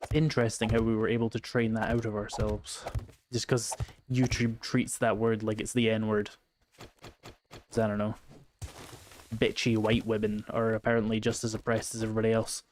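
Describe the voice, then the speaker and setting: A Scottish man with slight vocal fry, chatting casually and wryly while streaming a game. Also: on the low side, level tone, normal speed, a little mellow, slight background noise. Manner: chatty, wry, reading chat aloud. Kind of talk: casual gameplay chat.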